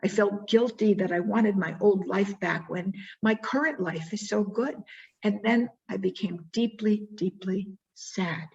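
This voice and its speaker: A woman giving a keynote talk, telling a personal story with expressive, dramatic delivery and leading a quiet reflection. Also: mid-range voice, a little slow, gravelly. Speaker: keynote speaker. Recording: dull lo-fi recording.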